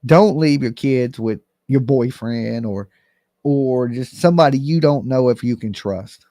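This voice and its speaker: A man's voice: medium pitch, measured pace, dark tone, dry recording, clean studio sound. A man hosting a live call-in commentary stream, talking bluntly and emphatically straight to his viewers. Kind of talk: casual livestream commentary.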